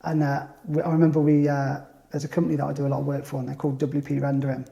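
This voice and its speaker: A man chatting as a guest on a business show, telling lively anecdotes and slipping into other people's voices. His voice is mellow and gravelly, a touch higher than most men's, and it carries the echo of a bare room. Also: very fast, dull audio. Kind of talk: casual storytelling chat. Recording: echoey room.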